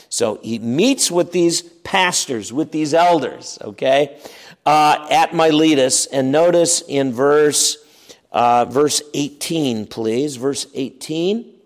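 Animated preacher with lively swings. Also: male voice, on the high side. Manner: animated, emphatic, swings between loud and quiet; acts out quoted objections. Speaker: pastor. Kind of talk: expository sermon.

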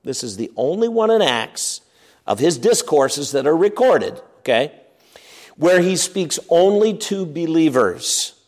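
Male pastor, sermon delivery; emphatic, lively, bright-ish register, acts out voices of doubters. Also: a little high, a little slow. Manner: animated, emphatic, swings between loud and quiet; acts out quoted objections. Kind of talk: expository sermon.

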